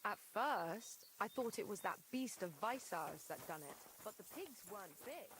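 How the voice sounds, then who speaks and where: An actress playing a suspicious, grumbling farm wife in a video game. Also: female voice, medium pitch, sing-song, moderate pace, natural voice. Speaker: game character. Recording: game audio with loud farmyard noise.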